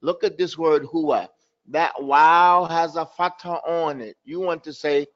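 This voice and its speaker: A man's voice: a little high, steady tone, moderate pace, fairly bright tone, muffled recording. A man teaching an online language class, stressing and repeating words over and over to drill his students' pronunciation. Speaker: Arabic teacher.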